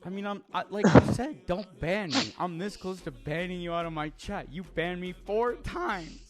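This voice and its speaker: A young man streams live with a high, fairly bright voice at normal speed, reading chat aloud. He answers brashly and profanely, stammering and restarting often.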